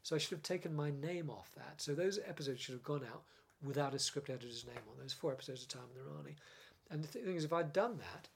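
An older British man, a former script editor, telling stories in a casual interview with lively laughs and frequent restarts. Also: on the high side, quick pace, gravelly, a little hiss or hum. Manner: animated storyteller, laughs often, many restarts.

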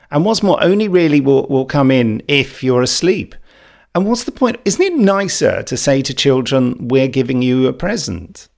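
A man's voice: medium pitch, creaky. A middle-aged man with a wry, self-deprecating way of telling stories in casual chat.

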